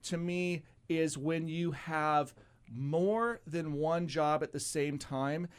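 Guy co-hosting a radio show, kinda high voice, playful, laughs a lot. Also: clean tone. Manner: playful, laughs often, muses slowly over guesses. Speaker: co-host. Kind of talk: casual radio show banter.

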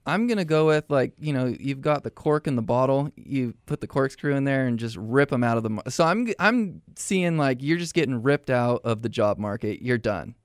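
A man's voice: medium pitch, expressive, normal speed, few pauses, smooth, no room sound, studio quality. A man co-hosting a radio show, tossing out jokey, offbeat guesses. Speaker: co-host. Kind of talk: casual radio show banter.

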